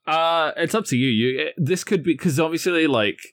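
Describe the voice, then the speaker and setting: A man narrating scenes as game master of a tabletop game, relaxed and full of fillers. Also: a little high, normal speed, no echo.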